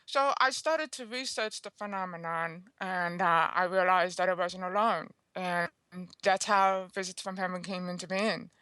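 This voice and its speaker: Woman, guest author. Bright, dry studio sound. Earnest, chatty storyteller. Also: on the low side, moderate pace, dry recording. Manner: chatty, earnest, checks in with "okay?" and "you know". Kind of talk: telling a personal story in an interview.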